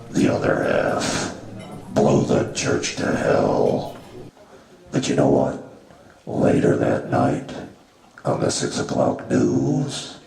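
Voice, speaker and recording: A man's voice: extremely low pitch, creaky, darkish tone, exaggerated voice. A man doing a crude, mocking god. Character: crude boastful male god, callous and mocking. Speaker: stand-up comedian. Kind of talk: stand-up comedy in character. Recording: roomy live venue from far off, audience noise.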